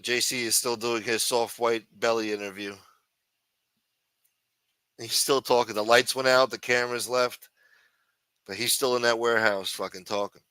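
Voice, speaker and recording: A man's voice: mid-range voice, steady tone, moderate pace, pauses often, pushed and bright, smooth, dry recording. A man hosting a casual livestream show, rambling and teasing with plenty of profanity. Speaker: show host.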